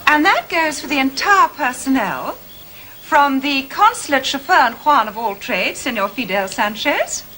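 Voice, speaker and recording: A British woman consul general, high-voiced and lively, whose politeness carries a sarcastic edge. Her pitch swoops as she charms and needles. The old TV tape adds constant hiss. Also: a little slow. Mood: gracious. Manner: brightly gracious, arch, sarcastically polite. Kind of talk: 1980s TV sitcom acting. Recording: noisy old TV recording.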